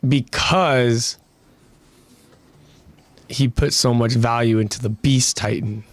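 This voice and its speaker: A man co-hosting a casual podcast discussion, chiming in with short agreements and loud, high-pitched acted-out quotes. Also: steady tone, slow pace, dry recording. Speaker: podcast co-host.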